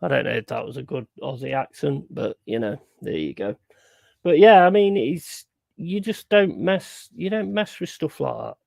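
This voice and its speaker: A young man chatting on a live stream in a gravelly voice. He is blunt and sweary, hammering his points home by repeating them, and the sound is close and dry. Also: a little high, expressive, normal speed, darkish tone, dry recording. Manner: blunt, sweary, emphatic repetition. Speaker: streamer hosting a football watchalong. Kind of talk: casual live-stream chat.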